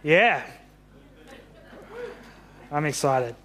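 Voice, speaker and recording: A man reading a Bible story aloud to children in an animated, friendly way. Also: fairly high pitch, extremely slow. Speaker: pastor.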